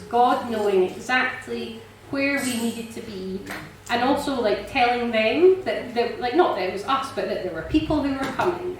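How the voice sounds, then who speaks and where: A woman sharing a personal testimony in church, chatty and animated, laughing often and filling pauses with ums. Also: fairly high pitch, slight background noise. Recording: echoey church hall, mic from a distance.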